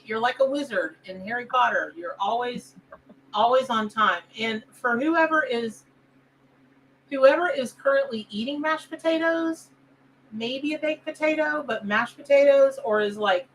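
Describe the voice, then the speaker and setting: A woman's voice: a little high, distant mic, slight background noise, poor audio. Bubbly woman hosting a live stream. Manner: bubbly, excitable, chatty with viewers. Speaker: tarot reader and show host. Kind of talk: live stream chat reading.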